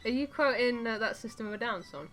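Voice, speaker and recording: Animated young woman hosting a let's play. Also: on the high side, quick pace, faint music behind. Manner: laughing, swears, animated. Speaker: host. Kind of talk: casual let's-play chat.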